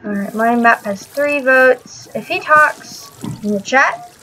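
A woman's voice: high voice, slow, pushed and bright, a little hiss or hum, low-quality recording. A young woman hosting a gaming channel, giving live gameplay commentary, often frustrated, swearing, and laughing at herself.

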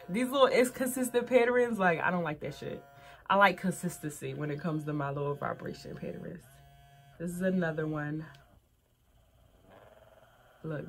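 With slight background noise behind her, a young woman speaks in a fairly low voice, chatting openly to camera. She's a vlogger reviewing adult toys and addresses her viewers as y'all.

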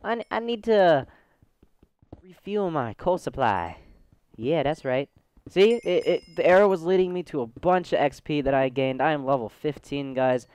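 A man's voice: fairly high pitch, expressive, moderate pace, darkish tone, clear, resonant tone, dry recording. A man with a Southern US accent giving chatty, goofy let's play commentary, talking straight to his viewers. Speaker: gaming channel host.

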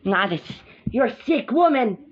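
A woman's voice: fairly high pitch, very animated, slight background noise. A woman voicing squabbling girls in a lo-fi home drama. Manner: squabbling, quick jumps between characters, gasping and shouting. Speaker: hobby drama performer voicing several characters. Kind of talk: home-made doll drama role-play. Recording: dull lo-fi home recording.

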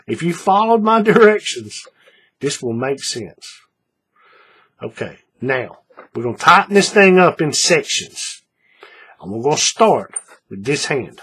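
A folksy man walks viewers through a hands-on craft tutorial, repeating each step and often checking they are following. His voice is very husky and rough, and it swings lively up and down as he explains. He sits at a desk with the camera mic nearby. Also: on the high side, measured pace. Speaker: paracord craft instructor.

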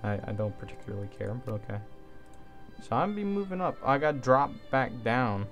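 Casual male let's-play host, mid-pitched, offhand, thinking aloud, faint music under him. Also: very animated, moderate pace. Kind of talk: casual gameplay commentary.

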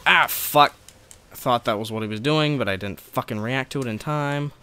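A man's voice: mid-range voice, fairly quick, fairly bright tone, clean tone. A man giving profane, sarcastic gameplay commentary, ranting at a boss fight. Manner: profane, ranting frustration at the game. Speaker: let's play gamer.

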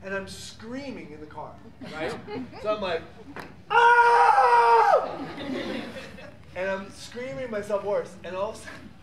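A middle-aged man telling lively, rambling stories as a guest on a convention panel. He laughs often and fills his pauses with "um" and "like.". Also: high-pitched. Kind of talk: animated panel storytelling. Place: large convention hall. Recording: echoey, distant, noisy convention hall.

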